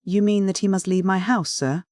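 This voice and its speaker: Male minor canon, as a narrator puts him on: earnest, submissive, pleading, pitched well above the narrator. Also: steady tone, moderate pace, a little mellow, no echo, clean studio sound, close to an everyday voice.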